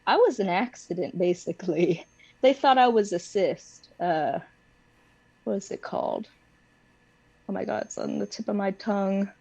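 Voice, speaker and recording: A woman's voice: medium pitch, normal speed, gravelly, pauses often, darkish tone, husky, no echo, highs cut off. A young woman co-hosting a podcast, chatting casually about her siblings and laughing as she tells stories. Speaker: podcast co-host. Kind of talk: casual conversational chat.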